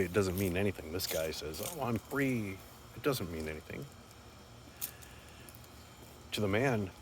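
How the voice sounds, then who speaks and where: A man with a fairly low voice talks in an earnest, rambling way, repeating words as he gathers his thoughts. It sounds like a casual, unscripted monologue. Faint background noise sits under the voice. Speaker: speaker sharing life reflections.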